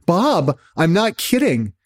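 A man, a political journalist hosting a casual discussion, talking in a brisk, frank, storytelling way with some profanity. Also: high voice, wildly swooping pitch.

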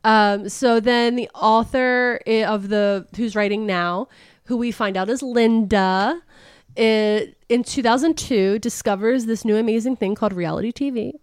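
A woman hosting a podcast, retelling a novel in a casual, chatty way, full of fillers and quick laughs. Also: fairly high pitch, fairly even intonation, smooth, no room sound, clean studio sound. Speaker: podcast host. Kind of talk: casual book recap chat.

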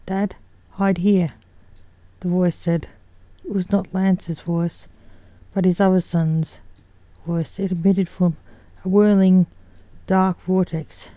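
A woman reading a story aloud at an even, unhurried pace. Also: lowish voice, dry recording.

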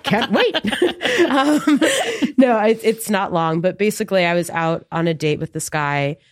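A woman's voice: medium pitch, expressive, unhurried, no echo, studio quality. Laughing woman telling a story. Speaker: podcast co-host. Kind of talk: casual chat.

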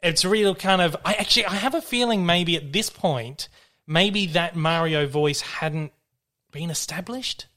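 A man with a high-sitting, sharp voice hosts a casual film chat at a measured pace. His talk is rambling and loose, with frequent restarts and free swearing.

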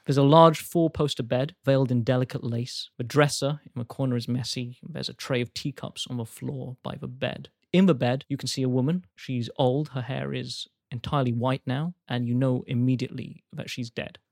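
Game master narrating with a dry close sound. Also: female voice, a bass voice, fairly even intonation, a little mellow, dry recording. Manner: measured, descriptive storytelling.

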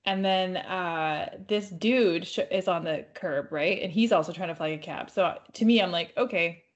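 A woman's voice: on the low side, normal speed, dull audio. A woman co-hosting a podcast from home, telling a story in a rambling, casual way and swearing freely. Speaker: podcast co-host.

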